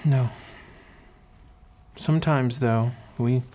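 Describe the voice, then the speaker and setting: A man doing a calm woman mentor with a foreign accent for a tabletop game. She speaks slowly and gently, pitched a little above his usual low voice, firm but soothing. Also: slight background noise. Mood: persuasive.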